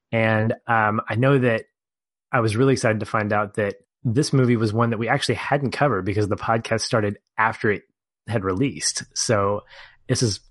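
A man's voice: lowish voice, no room sound. A man hosting a film podcast, upbeat and giggly, rambling a little as he leads the conversation. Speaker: podcast host. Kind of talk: casual podcast chat.

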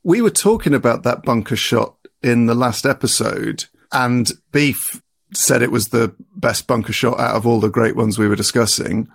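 A man's voice: mid-range voice, normal speed, vocal fry, husky. A man hosting a podcast, asking guests questions in a loose, conversational way. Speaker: podcast host. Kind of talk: interview questions.

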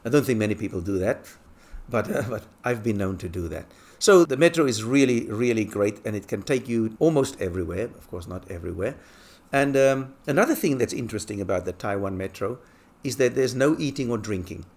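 Man telling relaxed anecdotes. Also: lowish voice, brisk. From England. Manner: relaxed anecdotal storytelling with chuckles. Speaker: expat talking about life abroad. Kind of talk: casual monologue.

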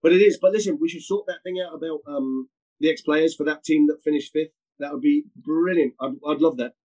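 A middle-aged man, a former footballer, telling lively anecdotes as a guest, often repeating words and slipping into quoted voices. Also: fairly high pitch, fairly quick, low-quality recording. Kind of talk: storytelling anecdotes in conversation.

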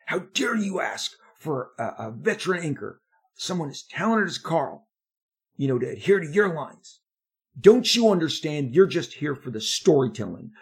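A man voicing an angry male editor who berates and shouts, repeating himself. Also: a little high, slightly rough. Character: angry screaming male comics editor, bullying.

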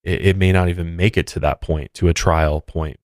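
A man's voice: low-pitched, steady tone, a little fast, a little mellow, no room sound, studio quality. A man co-hosting a true crime podcast, chatting conversationally with restarts and asides. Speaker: podcast co-host. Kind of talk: casual true crime chat.

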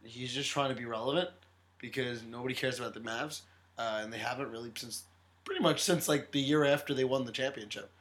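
A man's voice: medium pitch, brisk, fairly bright tone. A man co-hosting a podcast in casual sports chat, full of sarcastic jokes. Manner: sarcastic, joking. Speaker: podcast co-host.

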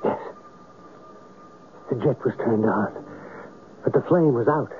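A reflective writer, voiced by an actor, who speaks slowly and deliberately and sounds wry. He is heard at an ordinary male pitch through a narrow, phone-like old broadcast with faint hiss. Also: close to an everyday voice. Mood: tense. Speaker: narrator and writer character. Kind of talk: 1970s radio drama narration.

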